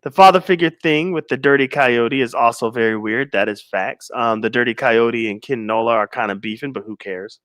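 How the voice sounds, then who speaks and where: A man in his forties hosts a livestream, reading viewers' comments in laid-back banter and slowing into emphatic stress on his key points. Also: medium pitch, a bit bright, no room sound, clean studio sound. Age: 40s. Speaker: livestream host.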